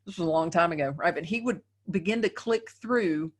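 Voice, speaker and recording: A middle-aged woman with a somewhat low-pitched voice teaches a live webinar. She talks to her audience conversationally and often ends a point with a quick "right?". Her delivery sounds like a trainer coaching a team. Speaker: dental practice trainer.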